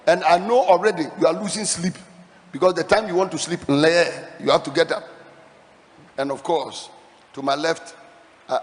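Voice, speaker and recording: A male pastor preaching a sermon, reading scripture aloud with dramatic, slowed emphasis. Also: fairly high pitch. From Ghana. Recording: long hall reverb.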